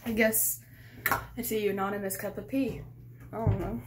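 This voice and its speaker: A young woman vlogging from a clinic, excitable and giggly, talking casually to her viewers. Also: medium pitch, moderate pace, noisy background. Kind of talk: casual vlog chat.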